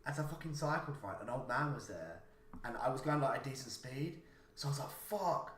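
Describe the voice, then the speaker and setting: A man's voice: mid-range voice, expressive, fairly quick, fairly bright tone. A young man telling a rambling, sweary story on a casual podcast. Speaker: podcast co-host. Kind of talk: casual chat. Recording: roomy, slightly noisy.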